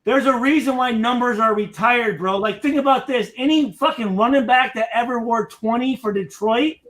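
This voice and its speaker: A man in casual sports chat, telling stories in a loud, profane, animated way. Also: extremely high pitch, normal speed. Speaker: guest, former player.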